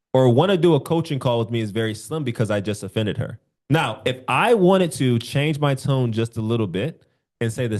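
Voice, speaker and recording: A young man coaching insurance agents on a call, animated, acting out sample phone calls. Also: medium pitch. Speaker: sales coach.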